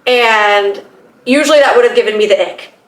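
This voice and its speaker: A woman's voice: a little high, normal speed, recorded from a distance. Chatty young woman in an echoey room. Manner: chatty, swears often, breaks into loud laughs. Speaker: podcast host. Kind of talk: casual storytelling.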